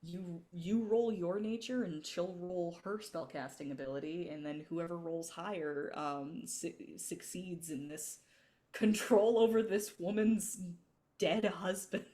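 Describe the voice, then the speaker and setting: Unhurried, low-voiced woman game master. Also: dark tone. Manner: laughs often, casual, hesitant with fillers. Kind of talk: running a tabletop game.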